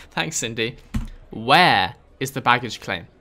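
A British man talks through a video game, his voice bright and forceful. His pitch swings widely up and down. He answers the game with dry sarcasm and mounting exasperation. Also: lively intonation, takes it slowly, a little hiss or hum. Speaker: gaming video host. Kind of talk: casual gameplay commentary.

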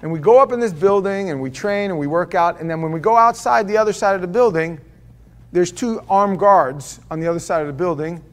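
Male pastor, sermon, chatty storyteller, voice a bit high for a man. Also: fairly quick. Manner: conversational storytelling with rhetorical questions. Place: church.

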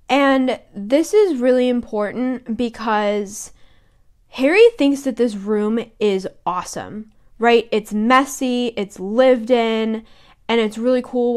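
A woman's voice: a little high, clear, resonant tone. A young woman co-hosting a podcast, chatting casually about a book and giggling as she reads quotes aloud in voices. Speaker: podcast co-host.

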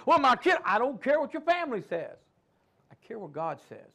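A man's voice: sits high, very animated, normal speed, creaky, fairly bright tone. A man preaching a sermon in a church, calling out to his congregation and acting out the inner voices of doubt. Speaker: pastor.

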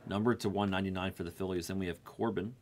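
A man's voice: deep voice, steady tone, fast talker, a little mellow, slight background noise. A man hosting a sports card break, rattling off player names and card types while chatting with viewers. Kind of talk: live card break call-outs.

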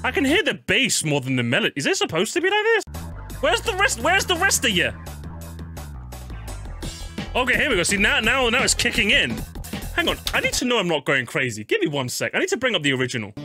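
A young man doing casual live-stream commentary while ranking game tracks, swearing a lot and jumping into high-pitched squeals when annoyed. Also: huge pitch swings, quick pace, bright, forceful tone. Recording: game music playing faintly behind.

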